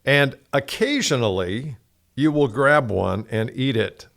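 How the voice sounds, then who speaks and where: A man co-hosting a sales podcast in casual chat, telling stories in a rambling, animated way. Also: medium pitch, takes it slowly, gravelly. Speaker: podcast co-host.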